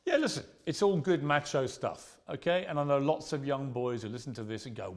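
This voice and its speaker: Pressing man in his fifties, lively pitch. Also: a little fast. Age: 50s. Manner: interrupting, pressing, argumentative. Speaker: host. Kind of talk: confrontational interview.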